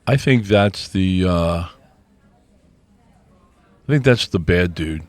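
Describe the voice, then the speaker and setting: A middle-aged man co-hosting a podcast, talking in an earnest, casual way with many restarts and a slightly hoarse throat. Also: sits low, lively intonation, slow, dry recording. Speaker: podcast co-host. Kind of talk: casual chat.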